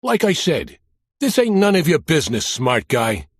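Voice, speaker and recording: Brooklyn mobster in his fifties, as a male reader puts him on: gruff, cocky, pitched up and loud, husky edge. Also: huge pitch swings, moderate pace, no room sound, clean studio sound, exaggerated voice. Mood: irked. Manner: gruff, tough-talking. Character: stout older mob boss man, surly and cocky.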